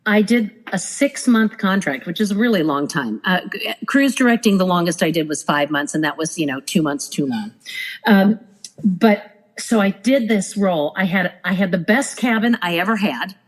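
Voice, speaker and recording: Animated woman telling stories. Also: medium pitch, moderate pace, rough recording. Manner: animated, acts out quoted people. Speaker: podcast guest, former cruise director. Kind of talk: casual storytelling.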